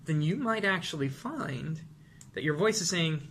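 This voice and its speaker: A middle-aged man coaches public speaking in an instructional video, talking straight to the viewer. His voice is bright and sits a little high. He shifts between relaxed explanation and quick, tense demonstrations, with a faint hiss underneath. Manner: animated, demonstrates rushed and calm delivery. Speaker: vocal and presentation coach. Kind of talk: instructional talk to camera.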